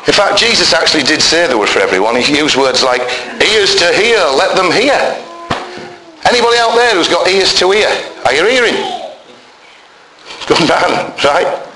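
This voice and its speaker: Male preacher, hoarse, lively and bright delivery, roomy hall echo, emphatic sermon style. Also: on the high side, fairly quick. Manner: animated, emphatic, rising to near shouts. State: hoarse voice, bad chest. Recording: roomy echo, faint noise.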